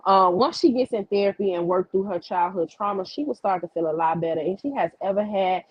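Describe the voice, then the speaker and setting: Livestream host, woman, husky voice, medium pitch, swears freely, reads chat between stories. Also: brisk, no echo, dull audio. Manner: blunt, profane storytelling; reads and answers viewer comments.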